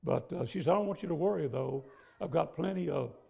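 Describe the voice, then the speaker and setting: A man in his fifties preaching a sermon in a church, telling a personal story in a folksy, conversational way with frequent pauses. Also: on the high side, expressive, mellow. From southern United States. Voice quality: gravelly. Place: church sanctuary.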